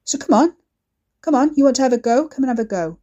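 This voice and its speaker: A woman voicing a menacing, swaggering man who taunts loudly and swears coarsely, in a storybook reading. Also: high voice, lively intonation, fast talker, highs cut off, voice pushed up. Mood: furious, goading. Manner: loud, goading, coarse swearing. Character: menacing, swaggering male brute, taunting and volatile.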